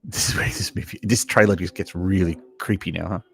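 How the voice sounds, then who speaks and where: This Australian man speaks fairly quickly in a low, gravelly voice with a breathy edge. Hosting a casual live stream, he reacts to trailers while chatting to viewers with lively asides.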